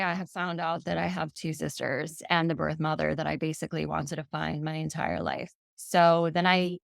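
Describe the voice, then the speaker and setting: A woman's voice: deep voice, creaky, a bit bright, dry recording, clean studio sound. A woman in her thirties, a podcast guest, earnestly retelling a personal story and quoting messages aloud.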